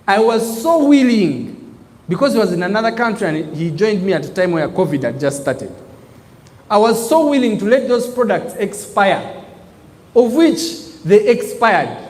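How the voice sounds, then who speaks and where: A man giving a motivational business talk to a live audience, calling out prompts for the crowd to answer. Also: high-pitched. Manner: call-and-response preaching, emphatic, animated. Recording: echoey hall with long reverb.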